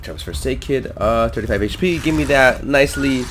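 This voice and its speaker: A man's voice: mid-range voice, fairly quick, background noise. A man casually narrating his game to viewers, easily startled and talking to himself as he loots. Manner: excitable, talks to viewers, jumpy outbursts. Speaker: gaming YouTuber. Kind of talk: casual let's-play commentary. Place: hot home room.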